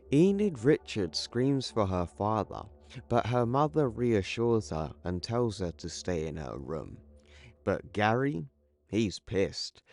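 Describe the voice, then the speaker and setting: Male comics recap narrator, casual, low voice, very slow delivery. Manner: casual, conversational. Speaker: comic book YouTuber.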